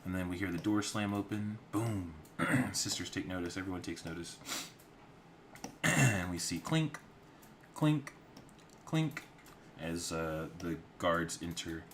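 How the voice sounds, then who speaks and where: A man's voice: deep voice, animated, slow, pauses often, noisy background. A man streaming his storyboard work, narrating in a casual, rambling way with some swearing.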